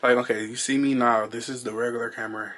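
A male vlogger talks fast in a mid-range voice with little pitch movement, chatting casually straight to the camera and exclaiming often. Heavy background noise runs under his voice.

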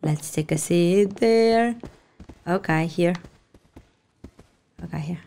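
A woman's voice: on the low side, slow, vocal fry, dark tone. A woman hosting a gaming channel, giving casual reaction commentary and exclaiming and swearing at the game. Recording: game sounds under voice.

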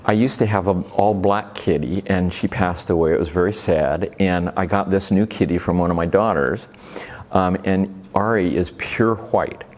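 A man's voice: deep voice, normal speed, a little mellow. A middle-aged man from Oregon giving a faith-based talk to a live audience, telling homey stories in a playful, folksy way. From Oregon, USA. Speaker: speaker at a faith-based recovery ministry event.

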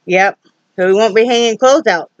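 A woman's voice: medium pitch, moderate pace, no echo, muffled recording. Chatty middle-aged woman vlogging from home. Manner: chatty and homey, with laughs and asides. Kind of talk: casual chat to camera. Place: home, indoors. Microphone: phone or camera on a ring light.

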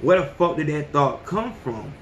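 A man's voice: a little high, very animated, moderate pace, roomy sound, muffled recording, slight background noise. A man in his thirties hosting a podcast, talking bluntly and profanely in a casual, preachy monologue. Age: 30s. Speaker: podcast host.

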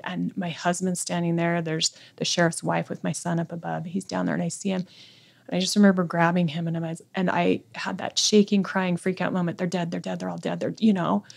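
A middle-aged woman with a lowish, gravelly voice, talking as a podcast guest. She recounts events vividly and intensely, acting out what people said. Her tone stays conversational throughout. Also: a little mellow. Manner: intense, vivid retelling with quoted speech. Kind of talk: conversational storytelling.

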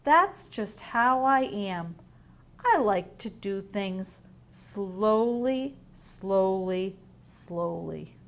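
Calm unbothered sloth, read by a woman, unhurried and placid, very slow. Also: mid-range voice. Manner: slow, drawn-out, placid delivery.

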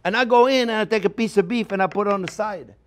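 A lively French-accented chef talks viewers through a dish, chatty and playful, tossing in little sound effects. His voice sits a bit higher than most men's. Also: fast talker, slight background noise. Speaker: cooking show host, chef teaching. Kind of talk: casual cooking demonstration.

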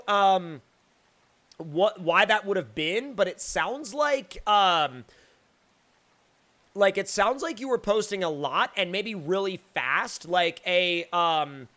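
A young male streamer talks casually over his gameplay, reading out chat messages and answering them. His voice sits fairly high for a man. The talk is loose and chatty, full of fillers. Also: a bit bright. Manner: chatty, reads chat aloud, many fillers. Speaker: gaming livestreamer. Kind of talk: casual live gameplay commentary.

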